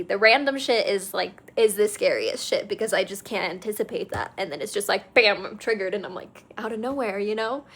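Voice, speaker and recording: High-voiced young woman venting in a car. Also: poor audio. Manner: frank and profane, venting. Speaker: vlogger. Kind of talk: casual vlog talk. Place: car, driving.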